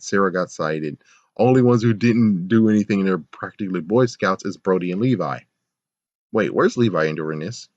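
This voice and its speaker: A man's voice: on the low side, no room sound. A man giving a casual episode review, ranting sarcastically, laughing often and swearing. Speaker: show reviewer. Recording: dull, lo-fi, dry sound.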